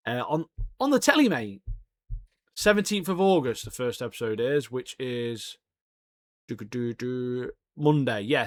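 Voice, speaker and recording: A young man, co-hosting a podcast in casual chat, laddish and calling everyone mate. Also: medium pitch. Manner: laddish, swears, says "mate" a lot. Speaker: podcast co-host.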